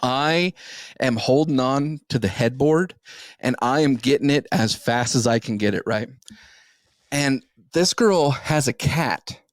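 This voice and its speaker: Young male podcast host, crude and rambling storyteller, close dry mic, mid pitch. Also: unhurried, no echo. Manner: crude, rambling, profane anecdote telling. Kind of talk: casual storytelling.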